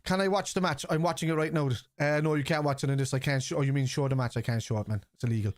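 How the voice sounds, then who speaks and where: Irish man, middle-aged, casual live-stream banter, swears, fairly high voice, dry sound. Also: steady tone, rapid-fire, no echo. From Ireland. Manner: chatty, swears, reads out chat and reacts to play. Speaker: football watchalong streamer.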